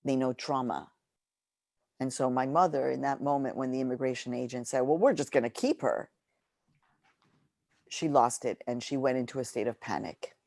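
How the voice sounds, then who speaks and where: A middle-aged woman author telling a personal story with passion, her pitch leaping up when she gets excited. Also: brisk, vocal fry, no echo, clean studio sound. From Mexico. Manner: animated, impassioned storytelling with lively pitch jumps. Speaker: author and journalist. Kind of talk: book talk, personal storytelling.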